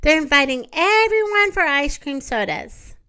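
A woman voicing an excited little scampering animal in a storybook reading. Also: high voice, unhurried, pitched above the performer's own voice, heavily acted. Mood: eager.

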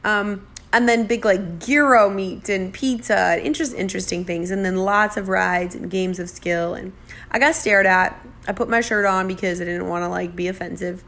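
A woman's voice: mid-range voice, moderate pace. Chatty American woman telling a travel story. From United States. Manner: chatty, animated, self-deprecating, acts out dialogue.

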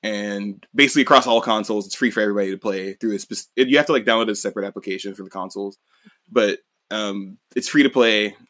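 A man's voice: lowish voice, quick pace, fairly bright tone, no room sound. Laid-back young man, cursing, dry sound. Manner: casual, swears freely, frequent restarts. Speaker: podcast co-host. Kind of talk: casual chat.

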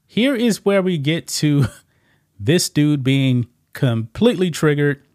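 A man's voice: fairly high pitch, sing-song, takes it slowly, a little mellow, no echo, studio quality. A man giving casual reaction commentary on a video clip, repeating himself and often saying "man". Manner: casual, repetitive, says "man" a lot.

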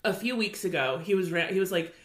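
A woman's voice: fairly low pitch, expressive, fast. A young woman with a Californian accent, chatting casually as a podcast co-host and saying "like" often. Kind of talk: casual chat.

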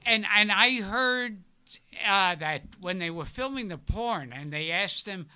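Older guy guest, super sharp bright voice, slow and stop-start, swoops up and down a lot. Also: high-pitched, expressive, clear, resonant tone. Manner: halting, repeats words, tells anecdotes. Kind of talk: casual storytelling chat.

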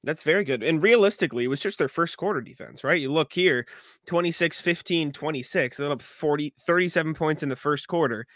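A man hosting a casual sports podcast, talking loosely and reeling off stats in quick lists. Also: on the high side, fairly bright tone, no echo, studio quality. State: has the hiccups. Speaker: podcast host.

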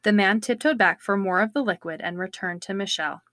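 A woman co-host reads aloud from a true-crime book in a steady, measured storytelling voice. Her tone is bright and forward. The sound is close and dry. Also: medium pitch, no echo. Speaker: podcast co-host.

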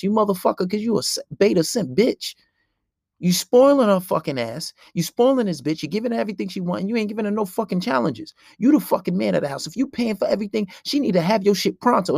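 Gravelly brash man ranting on a podcast. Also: high-pitched, expressive, fast talker, no echo, studio quality. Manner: brash, profane and preachy. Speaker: podcast host. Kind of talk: solo podcast rant.

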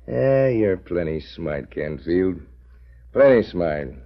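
An actor playing a sly, crooked Indian agent with a raspy, drawn-out delivery, in 1940s radio acting. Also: male voice, on the low side, exaggerated voice. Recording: dull lo-fi old radio recording.

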